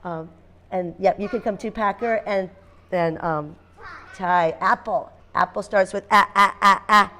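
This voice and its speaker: A woman teaching a phonics lesson to a class of young children, sounding out letters in slow, repeated chants. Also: mid-range voice, fairly bright tone, a little hiss or hum.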